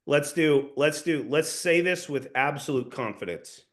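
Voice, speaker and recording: A sales trainer with a slightly high voice leads a practice session at a measured pace. He's expressive and instructive, keeping it hands-on while often starting over and repeating what he says.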